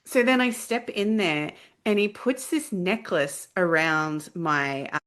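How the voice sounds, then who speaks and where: A woman hosts a relaxed interview podcast, her voice sitting a little low. She talks in a loose, chatty way and fills her stories with "like" and "you know.". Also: takes it slowly. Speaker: podcast host. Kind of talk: casual interview chat.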